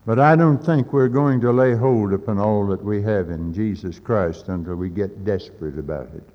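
A man's voice: fairly low pitch, normal speed. Guy preaching hard, old muffled tape, big echoey church. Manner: fervent, rising to loud urgent peaks, folksy asides. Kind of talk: sermon. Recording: old lo-fi recording in a reverberant hall.

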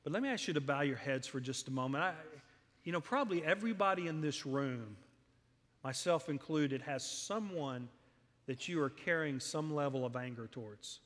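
Long reverb fills the church sanctuary as a middle-aged pastor preaches with earnest storytelling, his voice rising on emphatic lists. He sounds a little high and a bit bright, with lively intonation and a normal pace.

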